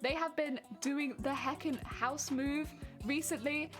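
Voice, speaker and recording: A woman's voice: high voice, steady tone, measured pace, faint music behind. Bubbly woman streamer. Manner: chatty, bubbly, laughs often. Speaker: cosplay crafting streamer. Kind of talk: casual live-stream chat with viewers.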